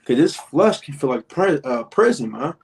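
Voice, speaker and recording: A man with a gravelly, creaky voice reads scripture at a slow, deliberate pace, then breaks it down in relaxed slang. His pitch sits in an ordinary middle range. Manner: slangy, reads verses slowly. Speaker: Bible study co-host. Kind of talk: casual religious discussion and scripture reading.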